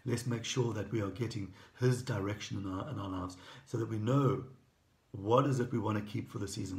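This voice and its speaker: Guy preaching, chatty and earnest, a bit gravelly, roomy echo. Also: on the low side, darkish tone. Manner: earnest, conversational preaching with repeated restarts. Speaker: pastor. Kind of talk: sermon.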